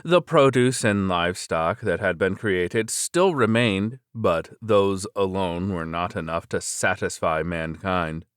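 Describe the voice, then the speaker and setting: A man narrating a web novel in a steady, measured reading voice. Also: low-pitched, clean tone, no echo, clean studio sound. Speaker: audiobook narrator.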